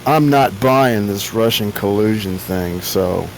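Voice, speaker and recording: A man's voice: on the low side, takes it slowly, gravelly, a little hiss or hum, poor audio. A man of about seventy hosting a flight-sim stream, chatting casually in a rambling, joking way with many restarts. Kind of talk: casual chat.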